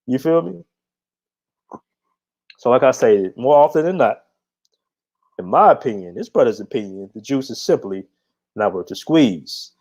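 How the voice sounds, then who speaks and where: A man's voice: medium pitch, animated, unhurried, long pauses, a little mellow. A middle-aged man hosting his own channel, telling a story in a casual monologue with a blunt, profane, laid-back manner. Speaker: channel host. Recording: dull lo-fi audio.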